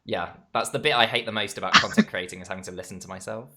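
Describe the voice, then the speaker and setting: A man's voice: on the low side, quick pace, background noise. A man hosting a livestream conversation, friendly and hesitant with plenty of ums. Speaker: stream host, interviewer. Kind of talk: casual conversation.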